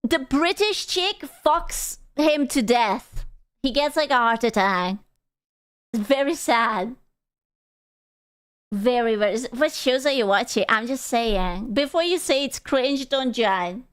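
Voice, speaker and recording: Young woman streamer, high and clean-toned, unhurried, playful and crude in casual chat. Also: lively intonation, clean tone.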